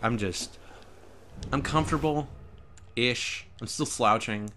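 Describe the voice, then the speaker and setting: A man's voice: medium pitch, slow, sharp tone, slight background noise. A man casually commentating as he plays a video game at home, chatty, laughing often, and joking around. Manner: chatty, laughs often, jokey put-on accents. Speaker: let's play gamer. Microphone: desk microphone.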